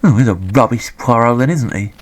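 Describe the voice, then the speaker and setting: A man giving sweary, deadpan, sarcastic commentary on a retro game. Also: mid-range voice, brisk.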